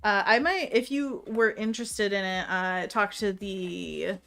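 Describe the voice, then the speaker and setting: Female stream host, mid-pitched, casual and chatty, talks to herself as she paints. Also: a little slow, creaky, fairly bright tone, faint music behind. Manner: chatty, reads chat aloud, laughs often; talks to herself while working. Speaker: livestream host painting envelopes. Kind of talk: casual livestream chat while painting.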